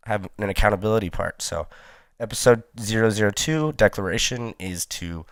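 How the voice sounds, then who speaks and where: A man's voice: on the low side, normal speed, gravelly, dry recording, clean studio sound. A man hosting a casual solo podcast, talking in a loose, rambling way with lots of ums, cursing and frequent laughs. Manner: rambling, laid-back, lots of ums and swearing, laughs often. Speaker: podcast host.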